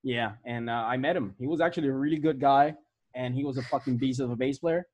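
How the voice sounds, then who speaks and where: A man's voice: medium pitch, fast, a little mellow. Male podcast guest from Puerto Rico, laid-back and profane. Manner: laid-back, swears freely. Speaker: podcast guest, metal musician. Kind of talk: casual podcast chat.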